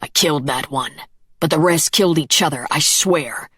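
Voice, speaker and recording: A woman's voice: low-pitched, moderate pace, a bit bright, breathy edge, no room sound, clean studio sound. A woman voicing a nervous, eager-to-please male monster underling who speaks anxiously and sometimes indignantly.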